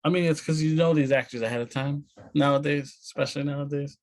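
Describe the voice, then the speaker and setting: A man co-hosting a podcast, relaxed and easygoing, chuckling between remarks. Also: on the high side, fast talker. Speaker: podcast co-host. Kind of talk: casual chat.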